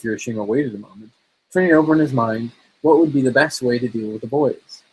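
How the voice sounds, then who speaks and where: A man reading fairy tales aloud in a relaxed, informal way, sometimes stumbling over words and joking between lines. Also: mid-range voice, quick pace, husky, low-quality recording. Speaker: storybook reader.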